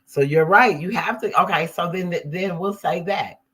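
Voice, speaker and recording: A man hosting a casual religious discussion on a live stream, animated and exclaiming when excited. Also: high-pitched, moderate pace, slight background noise, low-quality recording.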